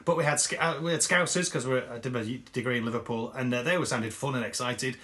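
A man's voice: mid-range voice, quick pace, bright, forceful tone. A young man co-hosting a casual chat, jokey and rambling, often laughing at himself. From Ireland or England. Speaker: podcast co-host.

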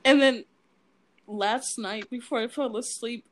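A young American woman with a fairly high voice chats casually at an unhurried pace. She tells stories in an animated way, giggling a lot as she goes.

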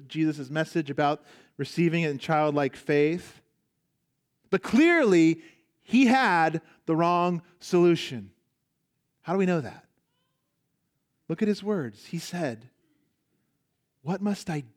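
A man preaching a sermon as a pastor, emphatic, repeating key phrases and asking the congregation rhetorical questions. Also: high-pitched.

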